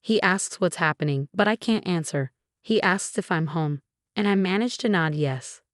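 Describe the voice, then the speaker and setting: A woman narrating a first-person story in a steady, even scripted reading. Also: on the low side, moderate pace, no echo, clean studio sound.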